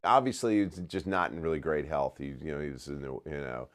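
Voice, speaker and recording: A man's voice: rumbling low, brisk. A man telling a story in an interview, conversational and loose with fillers. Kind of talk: interview recollection.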